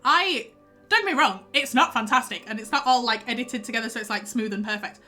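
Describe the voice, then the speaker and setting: A young woman chatting casually with her stream viewers, rambling and excitable. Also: on the high side, fast, soft background music. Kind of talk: casual livestream chat.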